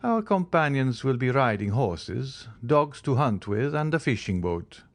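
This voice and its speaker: A man reading the part of a mysterious, wealthy count in an audiobook, speaking in a measured, courteous way. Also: mid-range voice, very animated, no room sound. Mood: composed.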